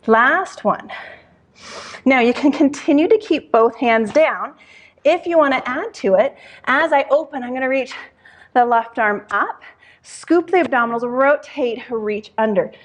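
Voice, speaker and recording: A young adult woman leads a Pilates class as she works through it herself, her voice sitting a little high. She is out of breath and counts the reps aloud, with breathy sighs between the counts. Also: measured pace. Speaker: pilates instructor. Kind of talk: workout instruction while exercising.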